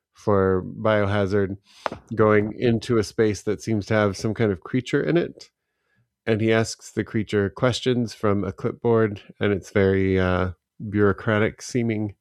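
Male podcast co-host, low voice, deliberate storyteller, dry booth. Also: darkish tone, smooth, no echo. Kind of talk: casual chat.

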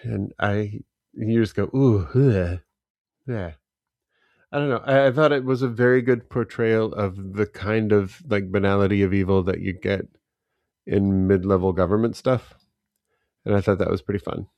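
Male podcast co-host, low voice, deliberate storyteller, dry booth. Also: fairly even intonation, darkish tone, no echo, muffled recording. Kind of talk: casual chat.

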